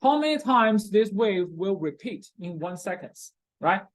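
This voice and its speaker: Expressive and unhurried, a chemistry lecturer with a medium-pitched voice teaches in a low-quality class recording. Key terms come up again and again, "okay?" serves as a frequent check-in, and the grammar is non-native.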